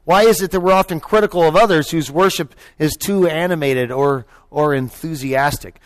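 A male pastor preaching a sermon in a conversational way, often restarting and saying "you know", swinging from loud cheering bursts to quiet reflective stretches. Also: fairly high pitch, moderate pace.

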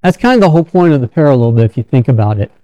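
A man's voice: mid-range voice, animated, racing, warm tone, no room sound. A man preaching a sermon in a conversational storytelling way, often restarting his sentences.

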